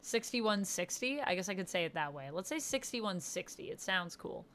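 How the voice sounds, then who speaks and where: Brisk and lively in intonation, this woman's low-leaning, slightly bright voice comes with a bit of hiss or hum. Hosting a casual stream, she chats eagerly about comics and responds to viewer comments she reads aloud.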